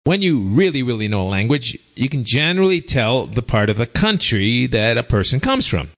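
A man's voice: mid-range voice, a bit bright. A man hosting a talk show, reading listener email and chatting with wry asides. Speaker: podcast host. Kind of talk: casual radio-style talk show.

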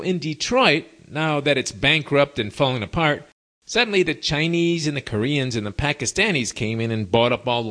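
Host, male, folksy wry monologue, very animated pitch. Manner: wry, folksy storytelling with lively intonation. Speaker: podcast host. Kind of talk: casual monologue to listeners.

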